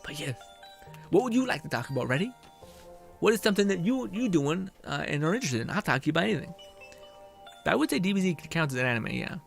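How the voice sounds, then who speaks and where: Young guy streamer just rambling to chat, swears a lot, kinda high voice, bit of game music behind. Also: big pitch swings, fast, gravelly, pauses often. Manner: rambling, swears often, laughs between phrases. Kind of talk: casual chat with viewers while gaming.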